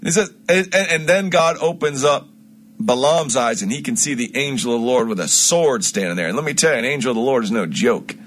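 A man giving an informal Bible teaching on his own stream, telling the story in an emphatic, animated way with frequent restarts and asides. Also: mid-range voice, fairly quick.

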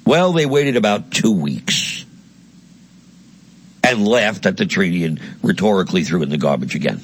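A man's voice: sits low, lively intonation, normal speed, breathy edge. A man giving a blunt, heated political monologue, crude and mocking in tone. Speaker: political commentator. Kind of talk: impassioned monologue.

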